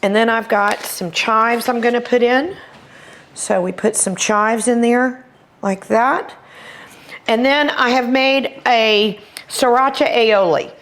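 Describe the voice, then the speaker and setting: A woman's voice: a little high, slow pace, a bit bright. A middle-aged woman with a Texas accent hosting a cooking demonstration, chatty and enthusiastic as she walks viewers through each step. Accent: Texan. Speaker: cooking show host.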